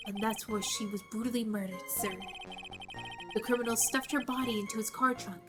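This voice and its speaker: A woman's voice: on the high side, fairly quick, natural voice. A woman voicing a dutiful male police detective who reports plainly and adds 'sir', over game music. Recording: game music playing behind.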